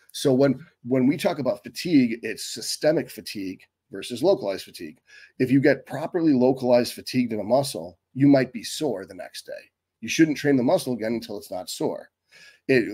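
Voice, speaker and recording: A middle-aged bodybuilding coach gives an unscripted fitness lecture, blunt and profane, talking quickly. His voice is mid-range and a little mellow.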